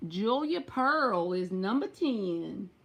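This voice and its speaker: A woman's voice: medium pitch, sing-song, takes it slowly. Chatty Southern woman reading tarot live. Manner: chatty, talks straight to viewers. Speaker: tarot reader. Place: at home.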